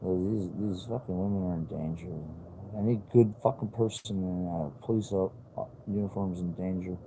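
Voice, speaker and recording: A man talking to the camera in a rambling, halting way, swearing often and restarting his sentences. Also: low-pitched, slight background noise, low-quality recording. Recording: loud music playing behind.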